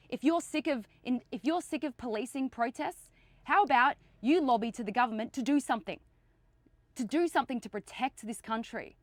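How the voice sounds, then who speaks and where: Woman, fairly high voice, dry close sound, urgent impassioned delivery. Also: dry recording. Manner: urgent and emphatic, repeating phrases. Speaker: activist. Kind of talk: impassioned speech to camera.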